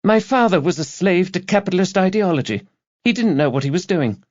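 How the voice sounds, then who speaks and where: A man's voice: lively intonation, a little fast, no echo. A man voicing a strident, preachy young female student activist, 18 or 19, in a reading on dull, dry lo-fi audio. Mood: defensive, curt. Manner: shrill, preachy slogan-chanting.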